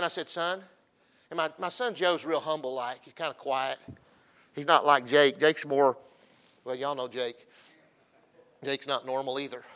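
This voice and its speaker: Here a middle-aged pastor gives a humorous, folksy sermon, moving between loud emphasis and quieter storytelling asides. He sounds clean in tone and on the high side.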